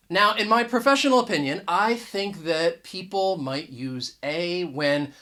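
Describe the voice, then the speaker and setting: Talking straight to camera in a relaxed video lesson, an English teacher restarts words frequently and leans hard on the important points. The mid-range voice swings widely in pitch and sounds unhurried, bright and forceful, recorded on the camera mic.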